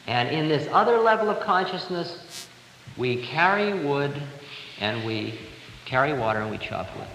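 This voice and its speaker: A man in his thirties giving a spiritual talk to an audience, telling stories in a lively, expressive way. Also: a little high, unhurried, vocal fry. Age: 30s. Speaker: spiritual teacher. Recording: echoey hall, 1970 live recording, faint hiss.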